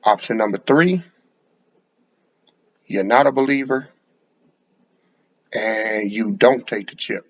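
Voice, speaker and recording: A man preaching in a low, slow, flat voice with a gravelly, husky grain. He lectures bluntly and stumbles over repeated words. The recording sounds dull and lo-fi. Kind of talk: sermon to camera.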